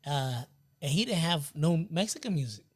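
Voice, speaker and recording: A man telling lively stories in casual chat, acting out other people's lines and saying "bro" a lot. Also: a little high, moderate pace, breathy edge. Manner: animated storyteller acting out quoted voices, says "bro" often. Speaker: guest DJ. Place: nightclub.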